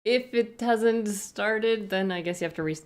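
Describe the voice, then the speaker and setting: A woman's voice: medium pitch, measured pace. A woman streamer chatting casually on a live stream, greeting viewers one by one with rambling asides.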